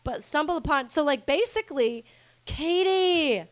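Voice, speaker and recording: A woman's voice: high voice, expressive, a little slow. A woman co-hosting a podcast in casual chat, gushing and swearing freely, with lots of "like". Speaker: podcast co-host.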